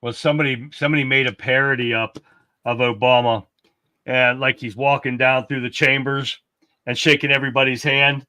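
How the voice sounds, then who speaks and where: A man's voice: medium pitch, level tone, a little fast, pushed and bright, no room sound. A man co-hosting a casual political livestream, chatting loosely and reading viewer comments aloud. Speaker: livestream co-host.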